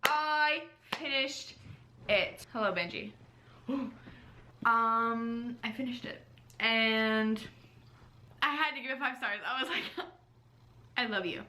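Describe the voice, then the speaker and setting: Young female book vlogger, high bright voice, animated and gushing. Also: slight background noise. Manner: bubbly, excitable, fast-talking with sudden squeals. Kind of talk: casual reading vlog.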